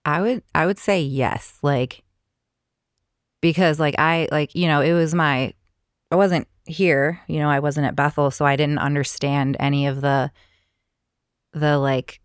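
A woman's voice: deep voice, fairly even intonation, a little slow, clear, resonant tone, dry recording, studio quality. A woman guest on a podcast, telling a personal story in a chatty way, full of filler words. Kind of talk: casual storytelling.

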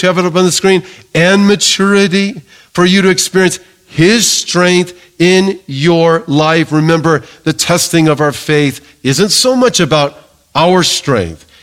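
A middle-aged male pastor preaching a sermon in a lively, joking way, calling for amens from the congregation. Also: a little high.

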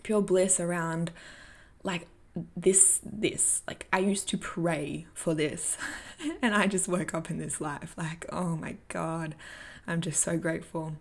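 In a voice on the low side, a young woman takes her time telling a story and giving coaching tips. She runs a personal growth vlog and keeps things candid and casual, cursing freely and laughing frequently.

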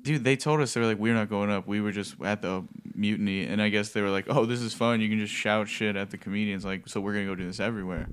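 A young man with a low voice, co-hosting a casual podcast chat. He tells stories with a lot of swearing and acts out what other people said. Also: quick pace, hardly any pauses, smooth. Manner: profane, animated storytelling with quoted voices. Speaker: podcast co-host, stand-up comic.

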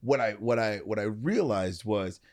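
A man's voice: lowish voice, expressive, normal speed. A middle-aged man, a motivational speaker, telling a personal story as an interview guest in an earnest way, often checking in with "right?" and "you know".

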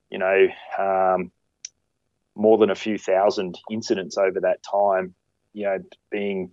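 A man with a lowish voice tells stories from his years on ski patrol. He talks in a halting, conversational way, backing up and restarting his sentences. The sound is dry and a little muffled. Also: darkish tone, no room sound. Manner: halting, many fillers and restarts, acts out quoted lines. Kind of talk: conversational storytelling.

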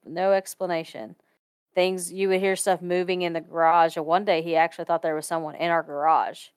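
On the low side and a little fast, her smooth voice carries a casual spooky story from her own life; she's a guest from Ohio. She laughs frequently and acts out quoted voices with lots of animation, in clean studio sound without echo.

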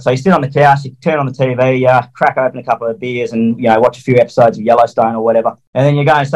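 A man in a casual interview, talking quickly at a mid-range pitch. His speech is blunt and colloquial, peppered with swearing and acted-out quotes. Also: fairly even intonation, low-quality recording. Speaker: interview guest, mowing franchisee.

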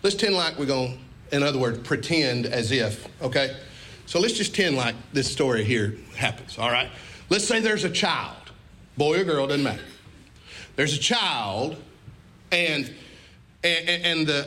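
Guy preaching in church, high bright voice, lively storytelling, keeps asking for amens. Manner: animated, repetitive, call-and-response. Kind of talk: storytelling sermon.

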